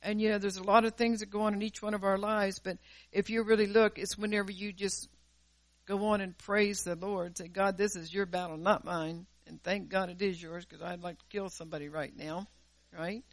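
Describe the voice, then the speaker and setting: A woman preaching a sermon with fervor, jumping from loud exhortation to quiet asides and often repeating words as she goes. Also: mid-range voice, steady tone, a little fast, dry recording. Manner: repeats words and restarts phrases while preaching.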